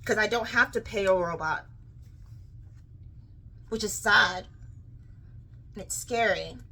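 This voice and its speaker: Bright girlish young woman ranting. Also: medium pitch, slow, poor audio. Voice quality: childlike, girlish way of talking. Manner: rambling and animated, many fillers and restarts. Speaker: vlogger. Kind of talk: casual rant to camera.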